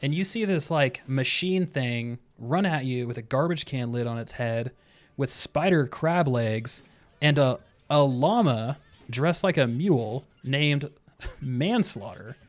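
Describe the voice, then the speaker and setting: Slow and lively in intonation, this young man's mid-range voice carries his easygoing, wandering commentary on the video game he's streaming. Laughter to himself and rambling side remarks come up often.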